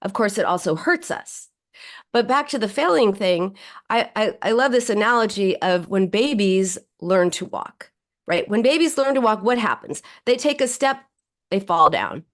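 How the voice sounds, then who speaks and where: A woman's voice: medium pitch, expressive, normal speed. A woman psychoanalyst speaking as a guest on a podcast interview, explaining her ideas and acting out quoted self-talk.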